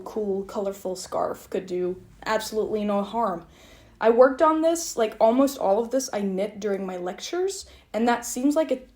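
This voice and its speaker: Chatty twenties woman host, American accent, rambling with "like" fillers, middle pitch, at home. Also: darkish tone. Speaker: knitting podcast host. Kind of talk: casual chat.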